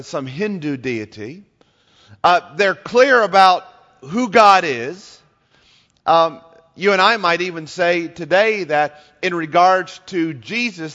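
Slow-speaking man preaching a sermon. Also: high voice, sharp tone, long reverb tail, muffled recording. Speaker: pastor.

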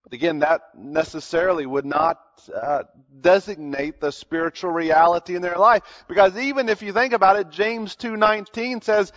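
A man preaching an expository sermon in an earnest teaching tone, often pausing on fillers and restarting his sentences. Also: sits high, fairly bright tone, dull audio.

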